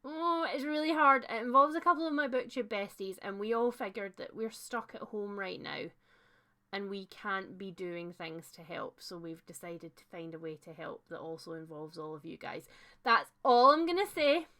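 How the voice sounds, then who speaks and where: Chatty bright-voiced woman streaming. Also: mid-range voice, steady tone, moderate pace. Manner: chatty, reads out viewer comments, frequent fillers and laughs. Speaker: host of a livestream book chat. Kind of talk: casual livestream chat.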